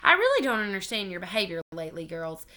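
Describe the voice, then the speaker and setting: A woman's voice: medium pitch, big pitch swings, fast, bright, forceful tone. Woman reading a stern schoolteacher man. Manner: firm, correcting. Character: stern patient male first-grade teacher.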